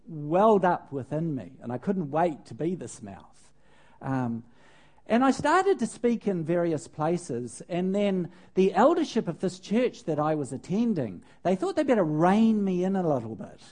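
An older preacher with a voice on the high side tells a personal story during a sermon, using animated, self-mocking humor and laughing at himself.

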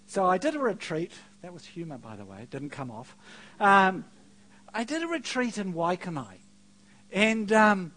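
Animated preacher man, storytelling sermon. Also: sits high. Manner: storytelling, self-mocking, swings between quiet and loud.

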